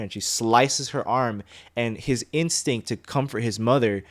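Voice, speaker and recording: A man's voice: mid-range voice, moderate pace. A young man co-hosting a casual movie review chat, rambling with many fillers as he explains his thoughts. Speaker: co-host of a movie review show.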